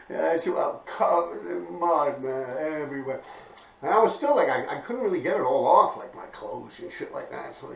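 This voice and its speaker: A man's voice: a little high, creaky. A man with a New York accent, telling a graffiti story to his viewers in loose, profane street talk, laughing as he goes. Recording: echoey, distant, dull with faint noise.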